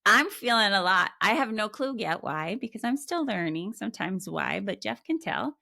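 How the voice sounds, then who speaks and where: A woman's voice: medium pitch, normal speed, gravelly, no echo, clean studio sound. A middle-aged woman co-hosting a podcast, talking expressively and laughing often. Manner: expressive, laughs often, acts out voices in examples. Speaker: podcast co-host, therapist. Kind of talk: casual chat.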